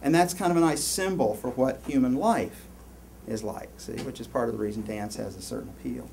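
A man giving a university lecture, rambling and animated, with many restarts and asides to the class. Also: medium pitch, a little fast, vocal fry, a little hiss or hum. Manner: animated, rambling, lots of self-interruptions. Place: lecture hall.

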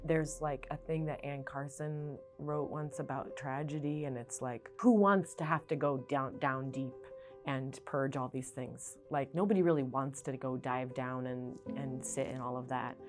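A middle-aged woman talks in a low voice, reflecting candidly on her work as an actress. Her speech is full of "like" and restarts, and it jumps between quiet and lively. Soft music plays faintly beneath her. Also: a little slow. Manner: earnest, animated with many fillers and restarts. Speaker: stage actress. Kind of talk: reflective interview monologue.

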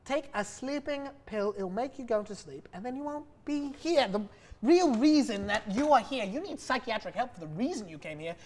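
A woman's voice: fairly high pitch, expressive, moderate pace, a little mellow, a little hiss or hum. Brash, mocking young woman. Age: young adult. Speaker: sketch performer playing a therapist. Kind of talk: sketch comedy acting.

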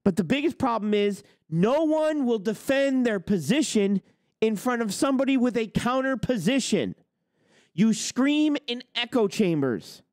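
Man, livestream rant, rhetorical questions, animated delivery, dry sound. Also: very high voice, no room sound. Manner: argumentative, fires off rhetorical questions. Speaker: trucking business show host.

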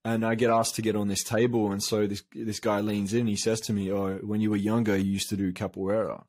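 A man's voice: lowish voice, level tone, a little fast, a little mellow, no echo. A man from Australia, a coach, telling a long personal story in a casual interview, rambling with many fillers and restarts. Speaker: guest, coach.

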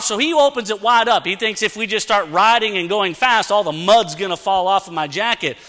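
Male preacher, lively storyteller, high bright tone, long hall echo. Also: fairly quick. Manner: animated, acts out sounds and dialogue. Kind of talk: storytelling sermon. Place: church sanctuary. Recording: long church-hall reverb.

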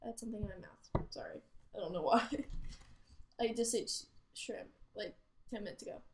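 A woman chatting and rambling through gameplay commentary, giggling and breaking into loud exclamations. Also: medium pitch, normal speed, a little hiss or hum. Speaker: gaming channel host. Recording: roomy echo.

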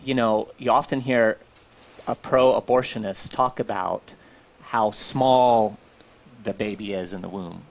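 A man's voice: lowish voice, takes it slowly, creaky. A man co-hosting a talk show, speaking earnestly and reflectively with frequent fillers. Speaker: co-host. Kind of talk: casual talk-show chat.

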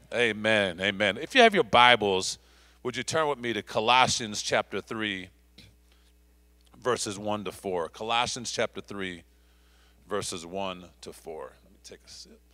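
A man's voice: on the low side, unhurried, sharp tone, no echo. A man preaching a sermon as pastor, stretching out key words and repeating phrases for emphasis. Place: church sanctuary.

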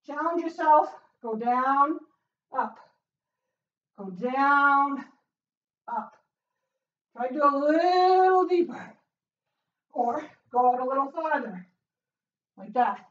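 High-voiced woman coaching a workout, out of breath, whooping, slow steady talk, echoey little room. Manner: upbeat, cheering with loud whoops, breathless between exercises. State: out of breath from exercising. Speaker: fitness instructor. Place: small closed room at home. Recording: roomy, distant, dull sound.

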